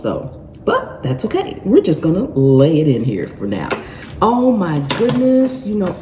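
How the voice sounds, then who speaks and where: A woman's voice: fairly low pitch, background noise. A middle-aged woman hosting a gardening channel, gushing and laughing through an unboxing, calling her viewers y'all. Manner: exclamatory, laughing, repeats phrases, addresses viewers as y'all. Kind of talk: excited unboxing vlog. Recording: echoey room with clatter.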